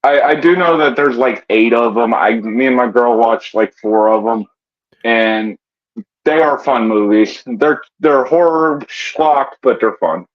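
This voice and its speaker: A man's voice: mid-range voice, a little slow. A man from West Virginia, a guest comedian and wrestler, telling rambling stories in casual podcast chat with lots of stammered restarts. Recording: dull lo-fi audio.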